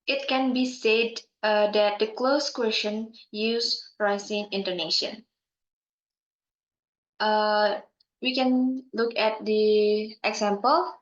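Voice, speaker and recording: A young woman giving a class presentation, speaking slowly and carefully with pauses and fillers. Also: mid-range voice, steady tone. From Indonesia. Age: young adult. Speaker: student presenter. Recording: muffled sound in an echoey room.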